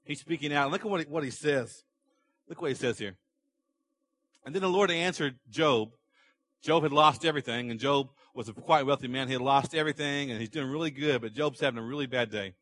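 A man's voice: medium pitch, fast, fairly bright tone. A middle-aged man preaching a sermon in a conversational way, asking rhetorical questions and repeating his points. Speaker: pastor.

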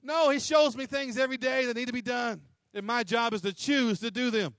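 Male pastor, high voice, dry close sound, punchy repetitive sermon delivery. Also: brisk, fairly bright tone, no room sound. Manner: emphatic, repetitive, acts out quotes.

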